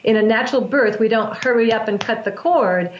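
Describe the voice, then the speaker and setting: A woman's voice: a little high, a little fast, a little hiss or hum. A woman guest explaining breath work in an earnest, flowing way, often restarting her sentences. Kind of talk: explanatory interview talk. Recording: roomy, dull lo-fi sound.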